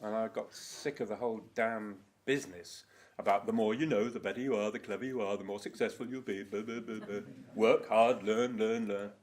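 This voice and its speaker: A man's voice: fairly low pitch, fairly even intonation, brisk, darkish tone. Older man rambling through a conference talk. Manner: rambling, swears, laughs at own stories. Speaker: conference speaker. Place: conference hall.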